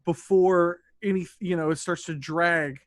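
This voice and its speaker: A man's voice: fairly high pitch, steady tone, a little slow, dry recording, studio quality. A man running a tabletop game as dungeon master, narrating loosely with restarts. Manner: loose, conversational rulings with restarts.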